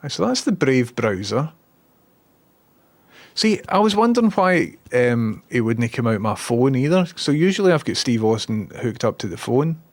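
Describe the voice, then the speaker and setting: A man's voice: medium pitch, creaky, a little mellow, no room sound. A man with a Glaswegian accent streaming casually, swearing and muttering as he fixes his tech. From Scotland. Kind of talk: casual live-stream chat.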